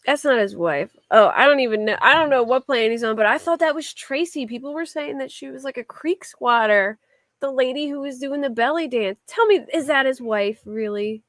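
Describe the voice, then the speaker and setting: High-pitched and lively, this Philadelphia-accented woman speaks at normal speed in a dry recording. As a livestreamer loosely chatting back to viewers in her live chat, she rambles with plenty of fillers, especially "like."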